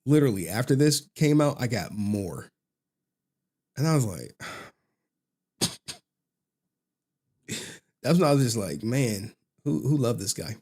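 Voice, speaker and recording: A male commentary host talking loosely to his viewers. He tells stories in an animated way, drops into slang and laughs often. His voice sits at a middle pitch. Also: a little slow, pauses often, husky. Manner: animated, joking storyteller who laughs often and slips into slang. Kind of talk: casual commentary.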